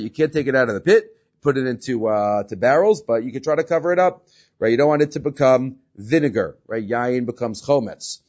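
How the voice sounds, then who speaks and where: A man's voice: medium pitch, a little mellow. A man teaching a Talmud class, explaining step by step, often checking with "right?" and mixing in Hebrew and Aramaic terms. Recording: slightly dull lo-fi recording.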